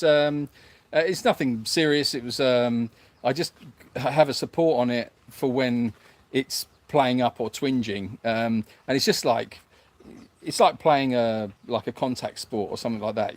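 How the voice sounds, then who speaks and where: A man hosting a sanctuary livestream, reading viewer comments aloud in a hesitant, self-mocking way with lots of fillers. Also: mid-range voice. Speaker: animal sanctuary host.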